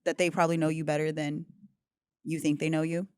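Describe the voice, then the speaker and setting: A woman co-hosting a podcast in casual chat, playful and teasing, quick to laugh. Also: low voice, little pitch movement, darkish tone, smooth, no room sound, clean studio sound. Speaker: podcast co-host.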